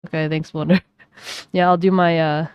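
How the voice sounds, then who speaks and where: A woman's voice: low-pitched, little pitch movement, normal speed, clean tone, dry recording, muffled recording. A woman streaming a game, chatting casually and rambling with self-mocking jokes. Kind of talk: casual gaming commentary.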